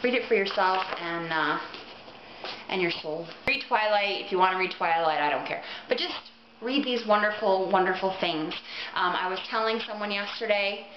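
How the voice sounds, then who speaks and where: In a relaxed vlog recommending books, a book vlogger earnestly raves about titles she loves, saying "um" a lot. Her mid-range voice comes at a normal speed over roomy, dull lo-fi webcam audio with background noise.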